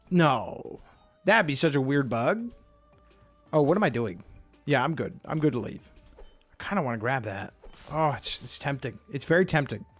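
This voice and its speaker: A man giving let's-play commentary as he plays, chatty and self-mocking, reacting aloud to the game. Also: a little high. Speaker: gaming video creator.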